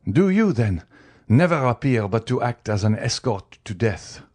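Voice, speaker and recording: A man voicing a frantic, grief-stricken older magistrate who cries out in high, strained bursts. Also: big pitch swings, moderate pace, darkish tone. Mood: accusing.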